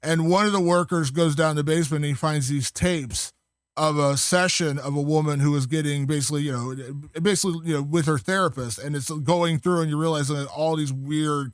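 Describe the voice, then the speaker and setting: A man with a fairly high voice talks casually as a podcast guest. He rambles with enthusiasm, full of fillers and restarts. The sound is dry and close. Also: normal speed, smooth, no room sound. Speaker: guest film critic.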